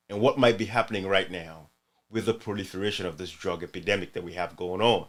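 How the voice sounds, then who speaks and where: A man's voice: fairly low pitch, fast. A man hosting a channel who comments earnestly on an interview clip, addressing viewers directly and repeating himself for emphasis.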